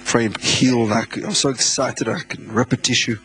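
A man from South Africa, a visiting pastor, preaching a sermon in a church, excitable, laughing often and repeating words. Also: medium pitch, a little fast, slight background noise. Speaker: guest pastor.

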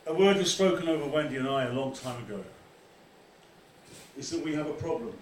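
Animated pastor in an echoey hall. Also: male voice, on the high side, brisk, a little hiss or hum. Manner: animated, acts out quoted voices. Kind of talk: sermon. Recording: echoey room from far off.

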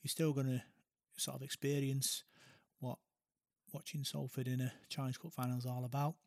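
A man's voice: medium pitch, level tone, moderate pace, creaky, no room sound. Man, hesitant and reflective, casual co-host, dry close sound. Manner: hesitant, reflective, soft-spoken. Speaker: podcast co-host. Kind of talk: casual chat.

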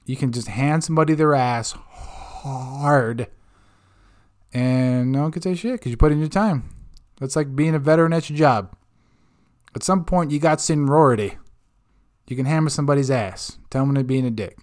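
A man's voice: mid-range voice, moderate pace, a little mellow. A man hosting a comedic rant segment, swearing constantly in an exasperated tone. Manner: profane, exasperated ranting. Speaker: host.

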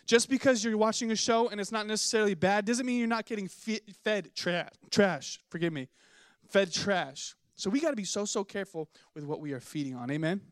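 A young man preaching a sermon in a church, telling stories with animated acted-out voices and asking the congregation to respond. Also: sits high, brisk, dry recording, studio quality. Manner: animated storytelling, acts out voices in anecdotes. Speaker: pastor. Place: church sanctuary.

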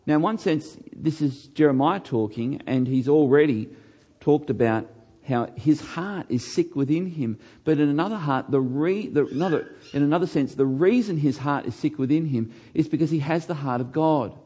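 A middle-aged man preaching a sermon, earnest, slowing down and dropping his voice on key words. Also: mellow, breathy edge, muffled recording. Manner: earnest, slows down and drops low on key words. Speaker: pastor.

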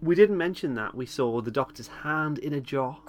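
A man co-hosting a podcast, recapping an episode in relaxed chat, laughing often and pausing with lots of ums. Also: medium pitch. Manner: chatty, laughs often, hesitant with many ums. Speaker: podcast co-host.

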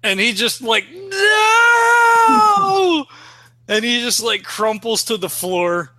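A man playing a tabletop role-playing game, telling his character's actions in a halting way with many fillers. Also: sits high, noisy background. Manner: halting, full of fillers, acts out anguished cries. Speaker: player.

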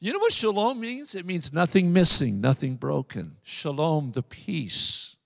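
High-voiced preacher in a reverberant hall. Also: male voice, expressive, vocal fry. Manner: emphatic preaching, drawn-out phrases and repetitions. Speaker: pastor. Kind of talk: sermon.

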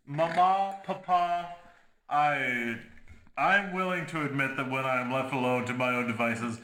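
A man's voice: mid-range voice, unhurried, pushed and bright, roomy sound. A man improvising a comedy sketch, speaking in a mock-formal, hesitant way.

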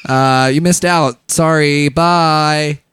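A man's voice: fairly high pitch, steady tone, slow pace, fairly bright tone, clean tone, no room sound. A man co-hosting a comedy podcast, joking crudely and laughing often in casual banter. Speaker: podcast co-host.

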